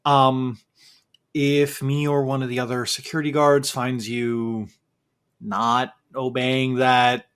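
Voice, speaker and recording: A man's voice: mid-range voice, little pitch movement, slow pace, a bit bright, clean tone. A man voicing a polite, flustered male museum security guard in a tabletop game, hesitant and apologetic. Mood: wary, polite.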